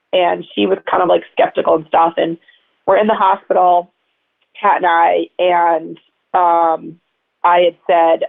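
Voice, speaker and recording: Her voice is gravelly and fairly low as she chats through personal stories as an interview guest, rambling and using lots of fillers. It sounds like a tinny phone line.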